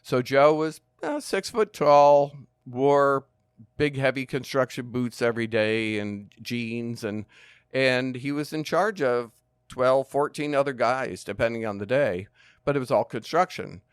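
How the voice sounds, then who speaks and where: A man in his sixties telling stories as a podcast guest, calm and measured, with dry humor. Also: mid-range voice, smooth, no echo. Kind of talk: storytelling interview.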